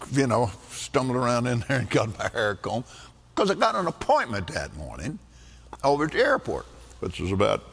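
An older preacher tells a folksy story from the pulpit, laughing often and swinging his pitch widely. His voice is gravelly, and the sound rings through a large hall. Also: a bit bright. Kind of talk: sermon with storytelling. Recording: echoey hall.

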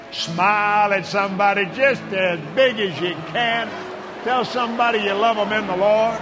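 A man's voice: high voice, moderate pace, background noise. An older man preaching to a congregation, fervent and exclamatory, calling out praises as he prays and talks. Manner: fervent, exclamatory, with frequent hallelujahs. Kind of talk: sermon. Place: large church hall with congregation. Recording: reverberant hall with crowd ambience.

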